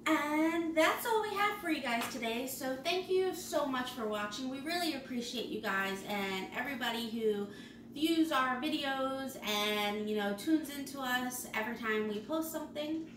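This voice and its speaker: A woman, a mother hosting a casual family vlog, laughing and giving the kids quick instructions. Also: high voice, lively intonation. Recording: echoey noisy room, mic far off.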